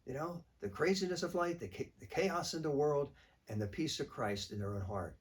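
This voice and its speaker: A man's voice: on the high side, normal speed. A man, a priest, giving a short weekly reflection in a conversational, plain-spoken way.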